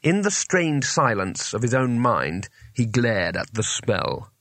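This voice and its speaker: A man narrating an audiobook in a lively storytelling manner. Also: medium pitch, slow, no room sound. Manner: animated, varied storytelling.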